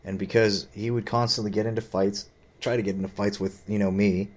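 A man's voice: fairly low pitch, fairly even intonation, quick pace, darkish tone. A man telling a rambling, profane story about his father and his boss, full of fillers and agitation. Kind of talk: rambling personal rant.

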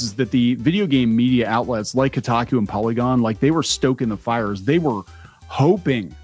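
A man's voice: mid-range voice, a little mellow. Chatty man with a cartoonish voice. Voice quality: cartoonish-sounding voice. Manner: rambling, chatty, many fillers and restarts. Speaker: video commentary host. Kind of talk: casual opinion commentary.

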